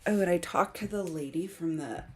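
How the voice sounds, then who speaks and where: A woman's voice: fairly low pitch, moderate pace, a little mellow, a little hiss or hum. Chatty, giggly woman streamer. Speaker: author streamer. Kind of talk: casual livestream chat with viewers.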